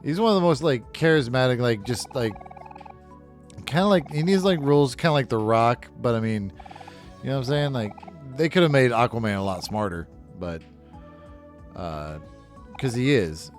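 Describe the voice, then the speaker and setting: A gaming video host commentates his own playthrough in a casual let's-play, rambling, swearing freely and offering blunt opinions. His mid-range voice is expressive and moves at a normal speed, with faint music behind it.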